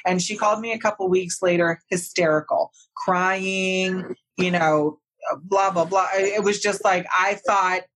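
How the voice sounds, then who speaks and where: A candid, lively woman hosting a casual podcast chat. Her voice sits a little low, and she laughs through her words as she tells stories. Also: unhurried. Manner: animated, candid, laughs while talking.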